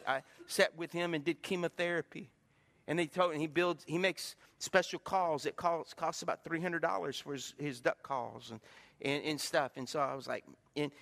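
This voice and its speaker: Preaching in a church with long, hall-like reverb, a pastor uses a high-pitched, sharp-toned voice. He engages the congregation in call-and-response, throwing questions out to them during his sermon.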